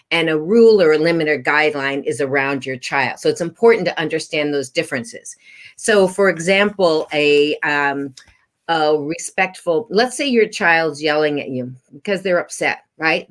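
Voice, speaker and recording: A woman's voice: low voice, normal speed. A woman parenting coach explaining her advice in an interview, instructive and posing rhetorical questions to herself.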